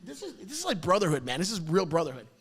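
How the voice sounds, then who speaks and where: A man's voice: high-pitched, fast, breathy edge. A man hosting a podcast, telling a story in a casual chat with lots of acted-out voices and laughter. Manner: animated storyteller, acts out voices, laughs often. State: sore mouth after dental work. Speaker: podcast host.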